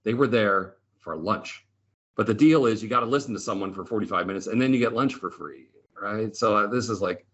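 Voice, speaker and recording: A man's voice: lowish voice, fairly bright tone. Chatty, enthusiastic man on a dull webinar line. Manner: chatty, enthusiastic, tag questions like "right?". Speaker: Excel trainer and presenter. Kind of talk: lively storytelling webinar talk. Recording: slightly dull lo-fi webinar audio.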